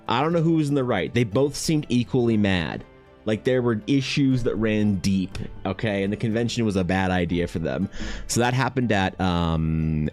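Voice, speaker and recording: Dude on stream, lowish voice, rambly and sweary, quiet music in the back. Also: male voice. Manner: rambling, profane, animated storytelling. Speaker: streamer and dice maker talking to chat. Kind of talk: casual livestream chat.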